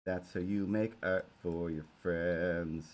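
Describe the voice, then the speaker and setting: A man's voice: low-pitched, fairly even intonation, takes it slowly. A man rambling playfully on a live stream while he draws. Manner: rambling, playful, talks to imaginary cats. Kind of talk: casual live-stream chat while drawing.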